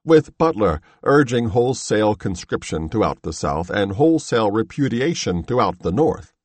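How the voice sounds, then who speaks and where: A man narrating a history audiobook in a measured, steady reading voice. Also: lowish voice, husky, no room sound.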